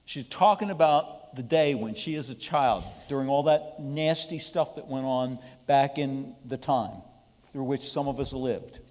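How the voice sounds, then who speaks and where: A man's voice: medium pitch, a little slow, a little mellow. Emphatic man preaching in a church hall. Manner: emphatic, keeps asking the room "okay?". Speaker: pastor leading Bible study. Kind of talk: sermon-style Bible study. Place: church hall with an audience, live streamed.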